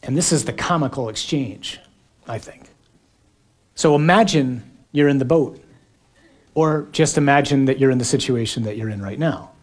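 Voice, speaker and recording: A man with a medium-pitched voice preaches a sermon, moving between quiet reflection and shouted, acted-out dialogue, using dramatic pauses.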